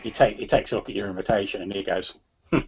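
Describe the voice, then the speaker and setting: A man's voice: on the low side, racing, breathy edge. Guy running a tabletop game, easygoing, kinda muffled recording. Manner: soft-spoken, relaxed narration with fillers. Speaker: game master.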